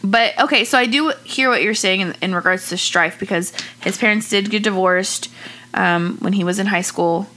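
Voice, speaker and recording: Woman telling a crime story on a podcast, chill and a bit sweary, bright voice. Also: mid-range voice, normal speed. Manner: relaxed storyteller, casual swearing. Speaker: podcast co-host. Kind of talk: casual true-crime chat.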